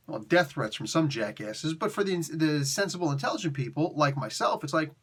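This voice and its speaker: A young adult man giving a casual, excitable comic book review, laughing often and using slang. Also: fairly high pitch, brisk, few pauses, breathy edge.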